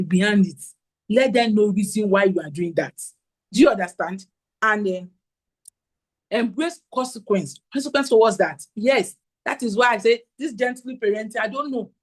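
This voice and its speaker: A woman delivers a lively parenting talk at a conference. Her voice sits a little high, and she keeps asking her listeners questions. She acts out what parents and children say as she goes. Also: poor audio. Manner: animated, acts out quotes, asks audience questions.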